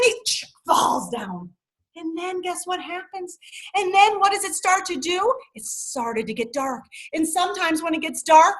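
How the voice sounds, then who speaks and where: A woman's voice: extremely high pitch, fairly bright tone. A woman teaching young children on a video call, telling a story dramatically and coaxing them to join in.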